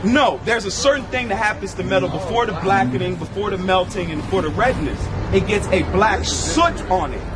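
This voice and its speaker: A man preaching loudly and insistently on the street, pressing a passerby with scripture readings. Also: high-pitched, a little fast, few pauses, music in the background. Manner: loud, insistent, reads scripture aloud with emphasis. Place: outdoors on a busy street. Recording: loud street crowd and traffic noise.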